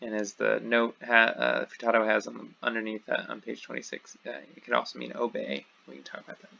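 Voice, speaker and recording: Male teacher, gravelly bright voice, patient step-by-step explainer. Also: mid-range voice, monotone, slight background noise. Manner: slow, explains step by step, repeats words twice. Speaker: Hebrew teacher. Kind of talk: recorded online lesson. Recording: dull lo-fi audio.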